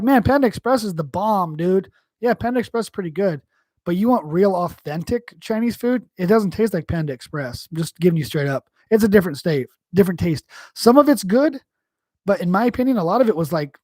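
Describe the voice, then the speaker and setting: A man's voice: sits high, lively intonation, brisk, darkish tone, dry recording, clean studio sound. A man from New York hosting a live stream, chatting casually and answering chat in a rambling, profane, slangy way. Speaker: livestream host.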